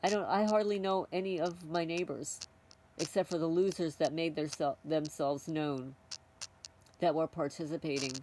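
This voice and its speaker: A woman's voice: sits low, steady tone, normal speed, dark tone, slight background noise. A woman hosting her own channel, talking casually to camera in a blunt, outspoken way and often circling back to repeat her points. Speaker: channel host.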